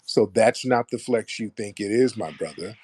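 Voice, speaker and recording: A man's voice: lowish voice, normal speed, darkish tone, husky, dry recording. Mocking combative male call-in host. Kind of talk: confrontational call-in show.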